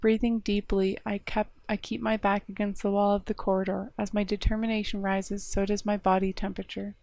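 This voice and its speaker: A woman's voice: mid-range voice, level tone, brisk, creaky, warm tone, dry recording. Woman streamer reading a visual novel. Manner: reads narration with short laughing asides. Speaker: game streamer.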